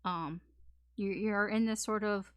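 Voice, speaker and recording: A woman's voice: medium pitch, steady tone, a little slow, no echo, clean studio sound. A woman giving a casual tarot reading, talking frankly with fillers and swearing. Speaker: tarot reader.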